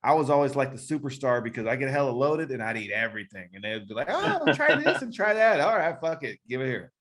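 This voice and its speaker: A man co-hosting a loose podcast conversation, cutting in with wisecracks and eager questions. His voice sits at a plain middle pitch. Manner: joking, chiming in with quick wisecracks, says "bro". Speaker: podcast co-host. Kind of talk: casual chat.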